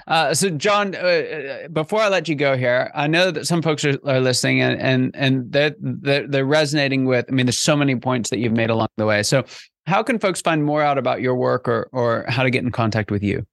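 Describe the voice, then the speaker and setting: Male podcast host, gravelly voice, enthusiastic, stumbles over repeated words, dry close sound. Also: mid-range voice, fairly quick, fairly bright tone, no room sound. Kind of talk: interview hosting.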